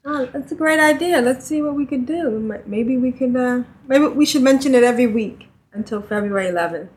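A woman with a fairly high voice hosting a gaming podcast. She chats casually with her co-hosts, sounding upbeat and encouraging. Her talk is loose and unscripted. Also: fairly quick, darkish tone. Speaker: podcast host. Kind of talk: casual chat.

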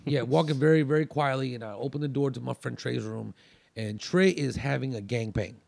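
A man's voice: medium pitch, brisk, gravelly, darkish tone, no room sound. A man telling a long story in casual chat, rambling with fillers and restarts.

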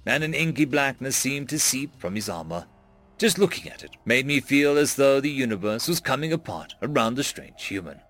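A man narrating a dramatic first-person story, raising his voice sharply for panicked lines. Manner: voices characters' panicked shouts with big pitch jumps.

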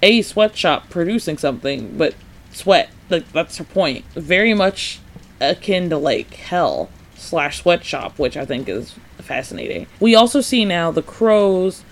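A man hosting a casual solo podcast retrospective, chatty and animated, saying "like" often, laughing and acting out characters' lines. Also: a little high, unhurried. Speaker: podcast host.

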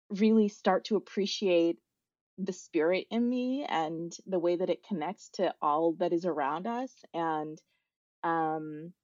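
Pausing frequently and using fillers, a guest in her forties shares a personal story in a reflective, searching way. She has a lowish, slightly mellow voice, captured in lo-fi audio with no room sound.

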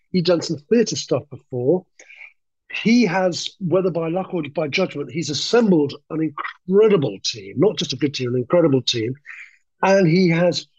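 Husky-voiced enthusiastic man, lo-fi sound. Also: fairly high pitch, a little mellow. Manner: enthusiastic, rambling, restarts sentences. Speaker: film director, podcast guest. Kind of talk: conversational interview.

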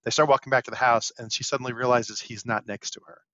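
A man in his fifties co-hosting a podcast, telling lively anecdotes in casual chat. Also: mid-range voice, quick pace. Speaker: podcast co-host. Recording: dull, dry lo-fi podcast mic.

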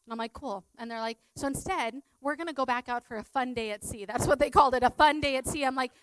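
A woman's voice: sits high, quick pace, no echo, rough recording. A middle-aged woman, a teacher, sharing a personal testimony in a chatty way full of fillers. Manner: chatty, filler-heavy storytelling.

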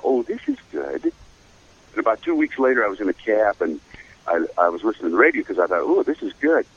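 An older man, a voice actor, tells career stories in a casual interview, his low voice rising and falling in lively swings as he slips into quick impressions. The audio is dull and lo-fi, like a call. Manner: animated storyteller who slips into voices. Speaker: voice actor guest.

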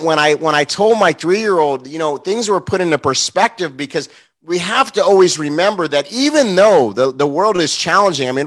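A man's voice: a little high, a bit bright. A man preaching a morning sermon, telling a heartfelt personal story in an earnest, emotional way, with many fillers and restarts.

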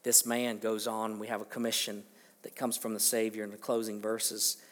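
A man preaching a sermon as pastor, emphatic, swinging between quiet and loud, asking rhetorical questions. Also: lowish voice, level tone, moderate pace, in a large hall. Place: church sanctuary.

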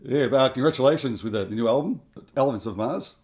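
A man's voice: mid-range voice, fast, a little mellow. An Australian man hosting a guitar podcast, talking in a casual, friendly way as he introduces the episode and thanks listeners. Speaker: podcast host.

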